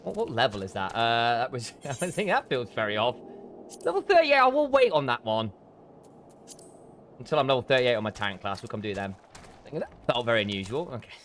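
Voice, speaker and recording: A man's voice: mid-range voice, sing-song, fairly quick, fairly bright tone, slight background noise. A man streaming a game, chatting loosely and joking. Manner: jokey, rambling, laughs often. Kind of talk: casual gameplay stream chat.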